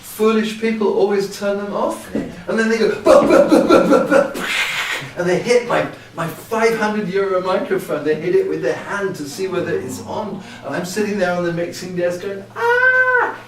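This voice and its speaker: Speaking at normal speed with hardly any pauses, a man with a high, naturally quiet voice gives a seminar to a live audience, livening his anecdotes with sound effects. His mic sits about ten centimeters away and feeds a PA in a large hall, so the audio, captured far from the camera, is very echoey.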